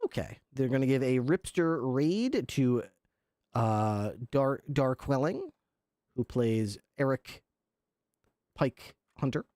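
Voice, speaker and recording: A man's voice: medium pitch, expressive, slow pace, dark tone, dry recording, studio quality. A man livestreaming, chatting casually with his viewers, laughing often and swearing. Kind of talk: casual chat with stream viewers.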